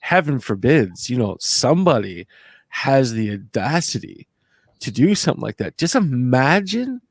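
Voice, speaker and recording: A young man chats as co-host, tripping over repeated words as he builds mock-outraged points. His voice has a gravelly edge. The sound is dry and close. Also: mid-range voice, sing-song, moderate pace, no room sound. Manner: stammering restarts, mock-indignant. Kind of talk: casual podcast chat.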